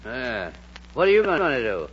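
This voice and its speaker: A man's voice: mid-range voice, very animated, moderate pace, natural voice. An actor playing a blunt, dry-witted older man working undercover as a shoe clerk, in 1940s radio acting. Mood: puzzled. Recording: dull vintage radio broadcast, faint hiss.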